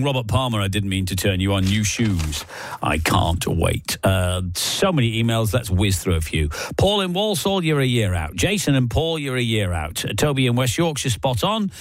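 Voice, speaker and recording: A man's voice: medium pitch, big pitch swings, moderate pace, dry recording. A man with a Lancashire accent presenting a radio show, chatty and jokey as he reads out listeners' emails. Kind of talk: casual radio chat. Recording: dry studio sound with faint music.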